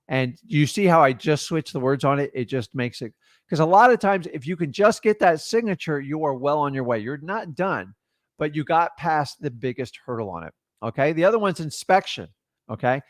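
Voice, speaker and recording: A man coaching beginners in real estate wholesaling, talking straight to the viewer in short, emphatic bursts and acting out quick seller and caller exchanges. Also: on the high side, lively intonation, no room sound, studio quality. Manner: punchy, emphatic, talks straight to the viewer with quick rhetorical questions. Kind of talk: direct-to-camera teaching talk.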